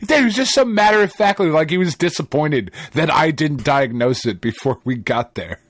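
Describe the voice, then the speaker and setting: A man's voice: fairly high pitch, a little fast, no echo. A man co-hosting a podcast, telling a story in casual, profane chat and laughing often. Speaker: podcast co-host.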